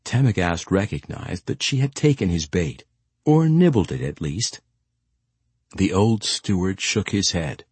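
A man reading fantasy fiction aloud in a measured, expressive storytelling manner. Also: low-pitched, slightly rough, no echo. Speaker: audiobook narrator. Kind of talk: scripted fantasy narration.

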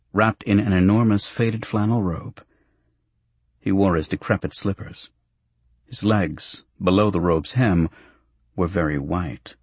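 A man reading a novel aloud as an audiobook narrator, in a measured, even, understated way. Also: low-pitched, husky, no room sound.

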